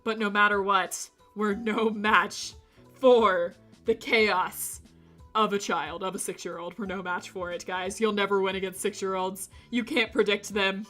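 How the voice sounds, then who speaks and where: A woman streamer reading a visual novel aloud, breaking off for animated, jokey commentary. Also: mid-range voice, measured pace, faint music behind. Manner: animated, jokey asides with laughter.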